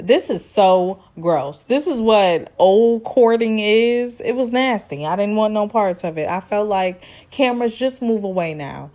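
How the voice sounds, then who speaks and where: Woman vlogger, sassy and teasing, slow delivery. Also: mid-range voice, lively intonation, dark tone. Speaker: reality TV recap vlogger. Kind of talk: casual recap commentary.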